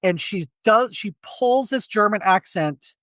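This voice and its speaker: Animated man telling movie stories. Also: high voice, unhurried, dry recording. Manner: animated storyteller, acts out quotes. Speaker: podcast co-host. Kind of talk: casual movie review chat.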